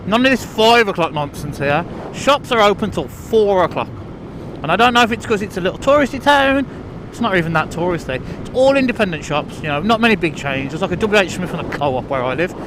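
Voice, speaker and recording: High-voiced man rambling outdoors. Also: background noise. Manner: chatty, self-deprecating, full of restarts and fillers. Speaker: vlogger. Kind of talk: casual rambling monologue. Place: outdoors on country lanes, riding a bike.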